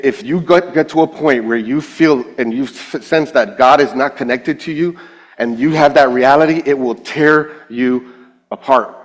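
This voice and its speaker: A man's voice: medium pitch, long reverb tail. A man giving an emotional personal testimony on stage, acting out the dialogue he quotes. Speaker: speaker at a finance event.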